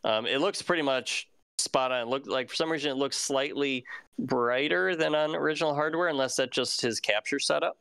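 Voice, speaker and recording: Bright, clear-voiced man hosting a stream. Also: mid-range voice, a little fast, dry recording. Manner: rambling, many fillers and restarts. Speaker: show host. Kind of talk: casual live-stream news chat.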